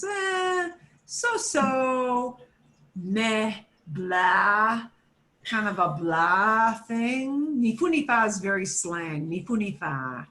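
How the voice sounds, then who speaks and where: A woman teaching a beginner Spanish class, slowly sounding out each word for her students to repeat. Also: on the high side, animated, pushed and bright. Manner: slow, drawn-out modeling of words for students to repeat. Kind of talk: beginner language lesson.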